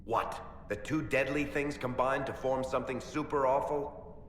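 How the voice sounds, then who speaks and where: A man's voice: mid-range voice, fairly even intonation, normal speed, a bit bright, slight background noise, natural voice. A wry, sarcastic male dwarf storyteller, played by a man in a video game. His dry quips sit in an echoey space with a long reverb tail. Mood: tense.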